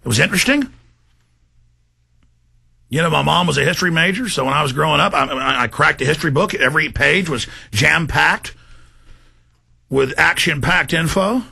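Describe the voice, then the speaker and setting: A man's voice: high voice, gravelly, breathy edge. A man hosting a talk show, ranting in an impassioned monologue to his listeners. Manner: ranting, shouts in bursts, addresses folks directly.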